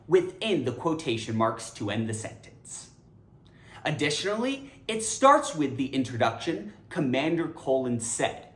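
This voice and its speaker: A woman giving a scripted grammar lesson, animated and emphatic. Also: low-pitched, echoey room. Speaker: English grammar teacher.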